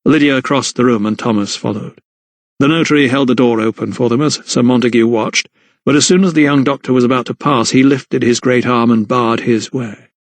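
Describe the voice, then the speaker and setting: A man narrating an audiobook in a steady, measured reading. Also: medium pitch, no room sound. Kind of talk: scripted narration.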